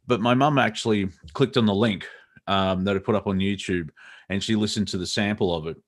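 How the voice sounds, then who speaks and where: Guest, male, Australian-born with a faded international accent, deep-ish voice, laid-back and giggly, on a video call. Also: a little fast. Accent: mild mixed international accent. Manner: chatty, laughs often, many fillers. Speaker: guest author. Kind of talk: casual chat.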